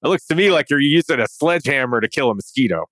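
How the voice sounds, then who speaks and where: A man's voice: medium pitch, lively intonation, fast, a bit bright, no echo, voice pushed up, natural voice. A man imitating a blunt male Boston construction boss with a Boston accent. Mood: skeptical.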